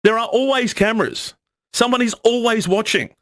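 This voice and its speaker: A man's voice: very high-pitched, normal speed, a bit bright, dry recording, studio quality. A man presenting a news story in a stern, disapproving tone.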